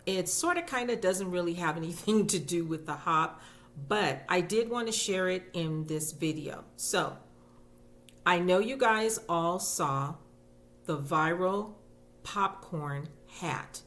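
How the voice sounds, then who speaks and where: Slow, chatty woman crochet vlogger. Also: lowish voice, expressive, fairly bright tone. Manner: chatty and gushing, with fillers and repeats. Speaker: crochet YouTuber. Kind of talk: casual show-and-tell vlog.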